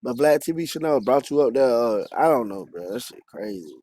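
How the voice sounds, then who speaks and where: A man's voice: medium pitch, lively intonation, brisk. A man giving casual reaction commentary in an incredulous, slangy manner. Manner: incredulous, slangy, trails off quietly. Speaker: reaction video host.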